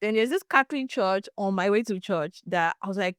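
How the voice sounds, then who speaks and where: Young woman, Nigerian accent, podcast host, animated storytelling, smooth clear voice, dry close sound. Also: medium pitch, moderate pace, hardly any pauses, no room sound. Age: young adult. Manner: animated, laughs and restarts often. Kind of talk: casual storytelling chat.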